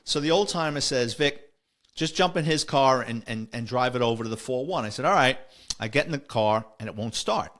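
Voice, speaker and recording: A man's voice: mid-range voice, fairly quick. New man telling cop stories. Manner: animated, acts out the people he quotes. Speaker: retired police officer telling stories. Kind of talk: casual storytelling.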